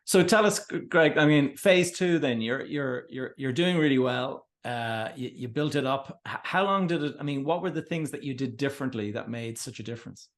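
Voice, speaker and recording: A man's voice: medium pitch, moderate pace, few pauses. Male podcast host, mid-range voice, conversational, shares anecdotes. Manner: conversational, shares his own stories. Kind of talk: casual interview chat.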